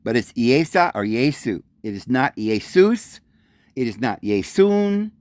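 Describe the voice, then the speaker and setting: A man's voice: very animated, normal speed, darkish tone, no room sound. Male host for a religious monologue: emphatic, insistent, dry close sound. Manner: emphatic, insistent, repeats points; acts out voices calling out a name in raised pitch. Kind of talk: solo religious talk monologue.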